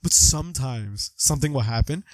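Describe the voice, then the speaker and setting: A young man chatting casually about a film on a podcast, animated, acting out quotes from scenes. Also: medium pitch, dry recording. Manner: animated, acts out lines with quick voice jumps. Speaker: podcast co-host. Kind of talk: casual movie discussion.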